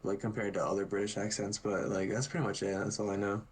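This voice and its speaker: A man's voice: on the low side, little pitch movement, fast talker, husky. Rambling young American guy. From United States. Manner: rambling, filler-heavy. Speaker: podcast co-host. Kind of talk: casual chat.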